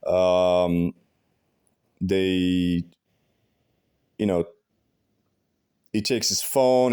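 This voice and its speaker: Man, lowish mellow voice, rambling vlog talk, lots of filler and swearing. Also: clear, resonant tone. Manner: halting, with many fillers and restarts; heavy profanity, blunt and aggrieved. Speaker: vlogger. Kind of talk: casual rambling monologue.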